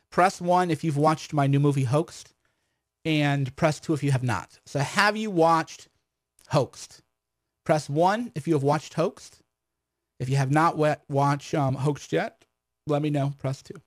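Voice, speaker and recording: A man's voice: on the high side, dry recording, clean studio sound. A man hosting a call-in livestream, chatty, brash and sarcastic, talking casually with callers.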